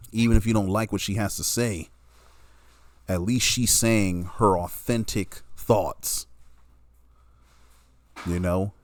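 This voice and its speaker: A man delivering a blunt, heavily profane opinion monologue, stressing his points hard and often checking in with "you know what I'm saying.". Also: fairly low pitch. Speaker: commentator.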